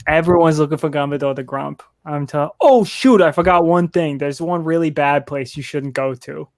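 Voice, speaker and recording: A man's voice: a little high, normal speed, a little mellow, no echo, studio quality, natural voice. A man voicing a chatty, laid-back forest of talking trees in a tabletop game, rambling and slangy.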